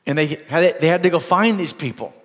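A man's voice: on the high side, a little fast, a bit bright, big-room sound. A man with an American accent preaching a sermon as pastor, telling a story earnestly with repeated phrases. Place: church sanctuary.

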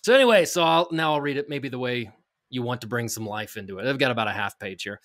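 Middle-aged male podcast co-host, animated and joking, reads aloud with energy. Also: mid-range voice, fast talker, no room sound, clean studio sound. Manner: animated, jokey, full of restarts. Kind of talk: casual chat and reading aloud.

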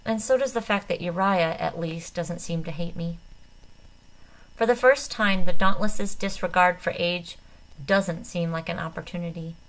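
A woman reading a novel aloud in the first person, with an expressive, dramatic delivery. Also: lowish voice, moderate pace, low-quality recording. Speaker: audiobook reader. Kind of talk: first-person audiobook narration.

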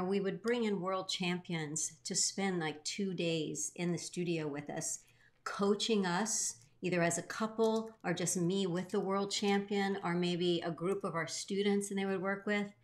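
A middle-aged woman co-hosting a show, earnestly telling an emotional personal story with swings in her voice. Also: medium pitch. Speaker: co-host. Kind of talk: heartfelt storytelling.

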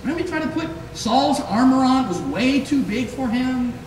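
A man's voice: extremely high pitch, normal speed. Man preaching in an echoey hall. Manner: lively storytelling, acting out quoted voices. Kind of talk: sermon. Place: church sanctuary. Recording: echoey hall from far off, noisy.

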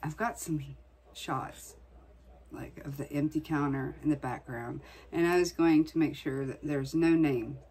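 A woman's voice: low-pitched, fairly even intonation, unhurried, darkish tone, husky. A woman vlogger chatting casually, venting in a blunt, profane way. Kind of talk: casual chat.

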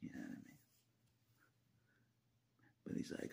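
Deep rough-voiced guy venting on his channel, laughs a lot, swears, goes to a whisper, pitch all over the place. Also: wildly swooping pitch, moderate pace, long pauses. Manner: laughs often between phrases, swears, drops into whispers. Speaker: video blogger. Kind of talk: casual confessional monologue.

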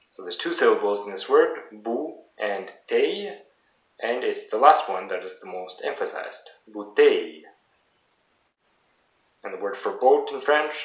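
A man gives a relaxed lesson at home, patiently repeating each example word so it sinks in. He speaks English as his first language. The mic sits a little way off, so his voice carries some room echo. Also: mid-range voice. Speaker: French language teacher. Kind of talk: casual video lesson. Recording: roomy sound from a distant mic.

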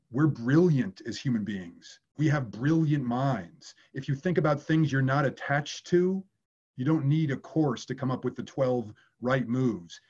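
A man's voice: medium pitch, a little mellow, husky, dull audio. A man working as an acting coach, answering viewer questions in a candid way and swearing casually.

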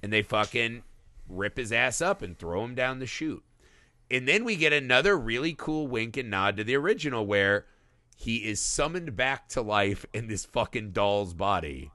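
A man co-hosting a film podcast, talking casually and profanely, slipping into quick character voices. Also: mid-range voice, animated, pushed and bright, no room sound, clean studio sound. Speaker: podcast co-host.

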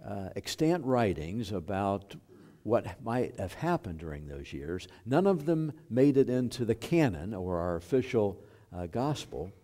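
Unhurried and lively in pitch, a man delivers a sermon as pastor in a church sanctuary, using fillers and small hesitations to bridge his pauses.

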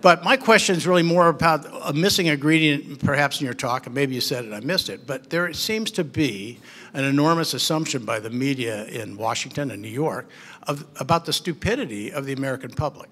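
A man's voice: mid-range voice, sharp tone. A man from the audience, an Army veteran, asking a long, earnest question. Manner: earnest, rambling.

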